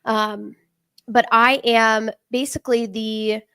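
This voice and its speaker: A woman's voice: fairly high pitch, little pitch movement, takes it slowly, bright, forceful tone, clear, resonant tone, no echo, clean studio sound. A woman hosting a live trading webinar over a video call, upbeat and welcoming. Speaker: webinar host, product director. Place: home in Denver.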